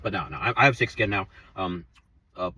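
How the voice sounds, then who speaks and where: A man's voice: deep voice, fairly quick, sharp tone, recorded from a distance, low-quality recording. A man in his twenties telling an angry, profane story about his workplace, rambling and heated. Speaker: vlogger.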